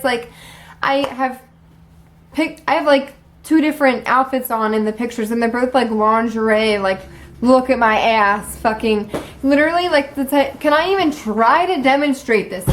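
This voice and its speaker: A young woman vlogger telling a story in casual, profane talk, animated and full of "like". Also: a little high, moderate pace, a little hiss or hum.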